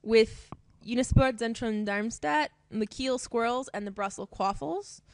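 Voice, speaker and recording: A woman's voice: fairly high pitch, unhurried, no room sound. Chatty young woman announcing a draw. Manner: chatty, laughs often. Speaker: draw presenter. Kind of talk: casual live announcing.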